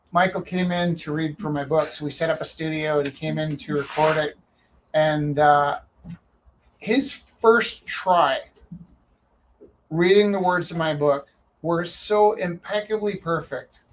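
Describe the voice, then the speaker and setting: A man's voice: a little high, poor audio. A man hosting a live stream who tells a story casually, with many restarts and fillers. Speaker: host and auctioneer.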